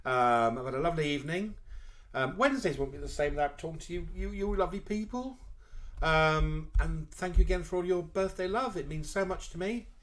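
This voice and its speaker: A man in his fifties with a northern English accent, co-hosting a casual live chat show and talking in a lively, playful way. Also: on the high side, fairly quick. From northern England. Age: 50s. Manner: lively, playful, slips into quoted comic voices. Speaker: co-host.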